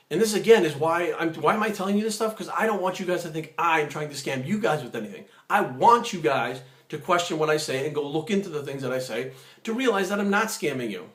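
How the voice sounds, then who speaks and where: Animated man telling a story, echoey room. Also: fairly high pitch. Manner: animated, acts out other people's lines. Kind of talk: casual storytelling.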